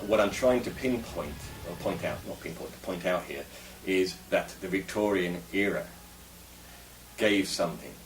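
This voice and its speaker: This English vlogger's low voice moves at a moderate pace as he muses and rambles opinionatedly in a casual talk to camera. The sound is roomy and distant, with soft background music.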